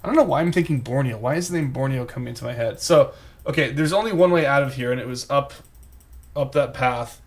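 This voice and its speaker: A man's voice: mid-range voice, quick pace. Man rambling through live game commentary. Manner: rambling, thinks aloud, self-mocking. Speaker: game streamer.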